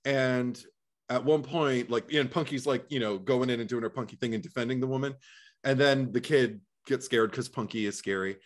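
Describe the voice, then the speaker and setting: A man's voice: medium pitch, moderate pace. A man co-hosting a movie podcast, telling stories in a frank, chatty way and laughing often. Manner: frank, swears freely. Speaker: podcast co-host. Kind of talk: casual movie discussion.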